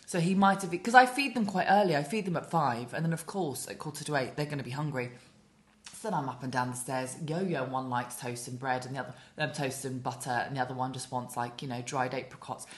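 Mum podcast host, low voice, animated and sweary. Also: female voice, a little fast. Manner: animated storyteller, swears, acts out quotes. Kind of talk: casual chat.

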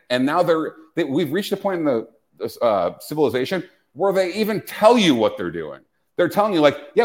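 Ranting, profane podcast host man. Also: medium pitch. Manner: ranting, profane, animated, with frequent restarts. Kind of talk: casual podcast chat.

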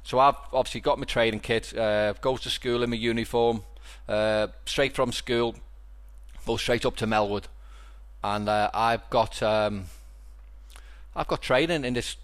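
A man with a Scouse accent from Liverpool, hosting a casual podcast and telling stories with lots of restarts and repeated words. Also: mid-range voice. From Liverpool, England. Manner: rambling storyteller with frequent restarts. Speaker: podcast host.

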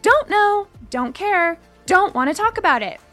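A woman putting on a brash young party girl, high and lively, loud and dismissive, snapping at friends in a read-aloud story; faint music sits underneath. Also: unhurried, exaggerated voice. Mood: blunt.

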